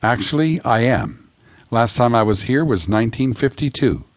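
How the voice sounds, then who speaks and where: A man reading an audiobook, voicing a dazed young woman from the fifties who speaks softly and politely. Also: mid-range voice, very animated, moderate pace, no room sound. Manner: soft, tentative, old-fashioned politeness.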